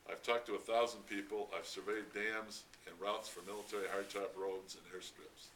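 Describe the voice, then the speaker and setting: A man voicing a gruff older American construction engineer who speaks bluntly and swears impatiently, read from a distance with faint noise. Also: on the low side, steady tone, moderate pace, a bit bright, lightly acted.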